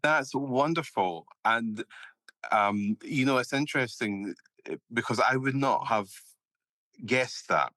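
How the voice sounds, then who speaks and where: A man's voice: medium pitch, lively intonation, takes it slowly, bright, forceful tone. A man hosting an interview, hesitant with many fillers and restarts. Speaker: interview host, filmmaker. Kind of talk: casual interview conversation.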